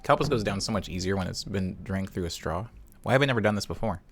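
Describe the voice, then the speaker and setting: A man chatting casually on a live music-production stream, talking to his chat as he works in his home studio. His pitch swings widely and he breaks into scatted, hummed chord notes between remarks. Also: lively intonation, fast talker, a little hiss or hum. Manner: chatty, hums and scats chord notes aloud.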